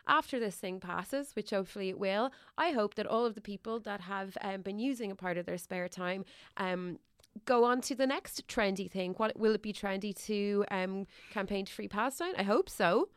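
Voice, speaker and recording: A woman in her forties hosts a relaxed conversation, chatty and quick to laugh. Her voice is smooth and clear, and the recording is dry and close. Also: medium pitch, no room sound. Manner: easygoing, chatty, laughs often. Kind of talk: casual chat.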